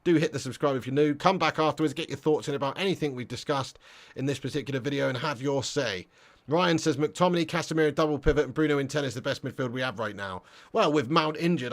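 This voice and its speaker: Bloke ranting on a football fan livestream, reads chat, swears a lot, voice on the higher side. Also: male voice. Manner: swearing, blunt, excitable rants. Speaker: football fan channel host. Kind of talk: live stream reading chat comments.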